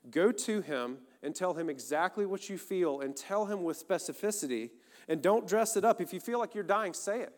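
A man's voice: high-pitched, expressive, moderate pace. A man preaching a sermon, earnest and conversational, speaking directly to his listeners. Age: adult, married. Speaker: pastor. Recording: long reverb of a large hall.

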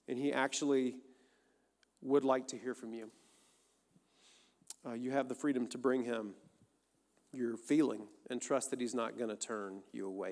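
A pastor, an adult married man, speaks at a medium pitch with a darkish tone, his sermon ringing with the long reverb of a large hall. His delivery is earnest and conversational, aimed right at those listening.

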